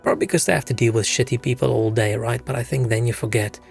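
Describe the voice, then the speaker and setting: A young man with a gravelly edge rambles through a story between game moments, dropping swear words. His voice sits at an ordinary middle pitch, and soft game music plays underneath. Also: fast. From South Africa. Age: young adult. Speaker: game streamer. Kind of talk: casual chat while gaming.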